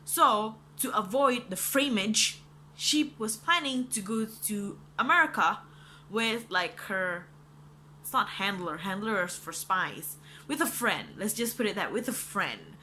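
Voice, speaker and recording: A young woman reviewing a book in casual chat, animated and ranting, swearing freely and saying "like" a lot. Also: medium pitch, unhurried, slight background noise.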